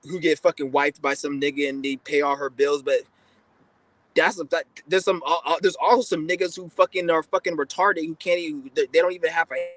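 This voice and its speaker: A man's voice: on the high side, steady tone, a little fast, fairly bright tone, poor audio. A man giving a blunt, profane, rambling casual monologue as a podcast host.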